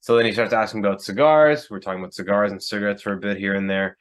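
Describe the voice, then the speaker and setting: A man co-hosting a podcast, telling a story in a relaxed, rambling way with lots of fillers. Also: lowish voice, quick pace, smooth. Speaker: podcast co-host. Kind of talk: casual chat.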